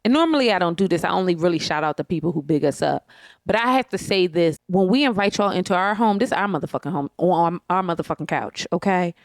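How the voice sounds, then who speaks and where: This podcast co-host talks fast and lively in a lowish voice, cursing and ranting emphatically as she chats casually from the couch in her living room. There's no room sound, and the audio has a clean studio quality.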